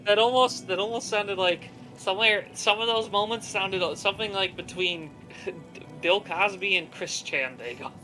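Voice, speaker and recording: Casual guy, a bit high, restarts his lines. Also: normal speed, over music, poor audio. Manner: stammers as he restarts. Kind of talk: casual chat.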